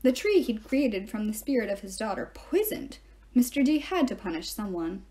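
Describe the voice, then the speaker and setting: A woman reading aloud, voicing a weary, kindly male centaur teacher who speaks calmly and gravely. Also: fairly high pitch, normal speed. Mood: grave, gentle. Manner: calm, gentle and grave.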